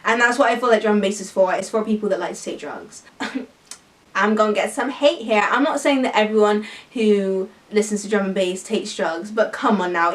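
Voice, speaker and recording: A young British woman giving her opinions in a casual vlog, emphatic and animated, with lots of "like". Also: mid-range voice, far from the mic. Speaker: YouTuber.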